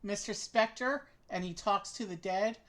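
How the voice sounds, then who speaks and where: A woman's voice: mid-range voice, moderate pace. A woman playing a game with a friend, reading dialogue aloud with wry comments. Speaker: co-host of game stream.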